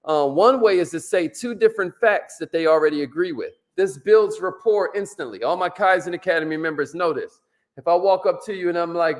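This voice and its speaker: A man's voice: sits high, fairly quick. A man coaching business owners on sales with an emphatic, preachy manner, acting out bits of dialogue. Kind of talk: motivational teaching talk.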